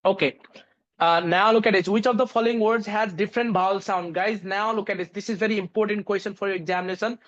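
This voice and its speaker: A man's voice: high-pitched, fairly even intonation, fast, a bit bright. A man from Nepal with a Nepali accent, teaching English pronunciation in a live online class, repeating each sound several times and using many fillers. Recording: dull lo-fi audio.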